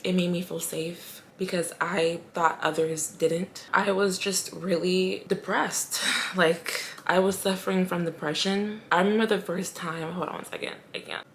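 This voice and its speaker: A young woman telling her personal story in a vlog, emotional and halting, pausing often to steady herself. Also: on the low side, a little hiss or hum. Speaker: vlogger.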